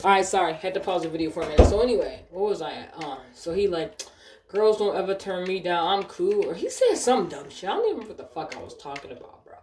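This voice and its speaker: A woman's voice: lowish voice, big pitch swings, very fast. A woman telling a casual storytime about a customer at her job, blunt and profane. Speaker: store cashier telling a story. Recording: echoey room, faint noise.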